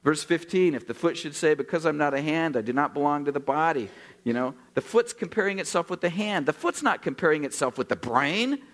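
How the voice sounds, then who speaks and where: A man's voice: fairly high pitch, a little fast. A man in his sixties from Oregon preaching a sermon, telling stories with acted-out dialogue and joking with the congregation. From Oregon, USA. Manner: animated storytelling, acts out dialogue, jokes with the congregation. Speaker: pastor.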